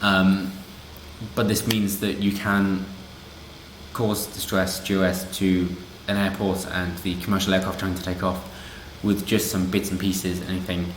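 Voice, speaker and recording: A man's voice: low-pitched, flat delivery, measured pace, slight background noise. A man doing casual commentary on a news story, sarcastic and rambling with asides. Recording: roomy echo.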